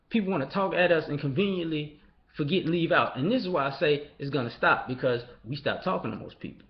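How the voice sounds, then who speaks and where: A man's voice: fairly high pitch, brisk. A man giving a casual, blunt, profane monologue, sometimes mocking others in put-on voices. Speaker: commentator. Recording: dull lo-fi recording.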